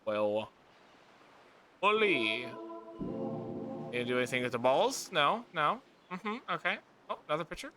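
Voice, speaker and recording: A man's voice: fairly high pitch, very animated, unhurried, pauses often, bright, forceful tone, slight background noise. Exasperated man swearing through a game. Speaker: gaming video creator. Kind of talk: let's play commentary. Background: game music.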